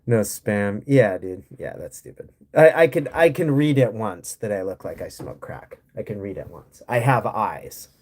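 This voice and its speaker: This American livestream host has a lowish, darkish voice with a breathy edge, and he takes things slowly while staying very animated. He reads chat and answers it, ranting casually with plenty of swearing and sarcasm.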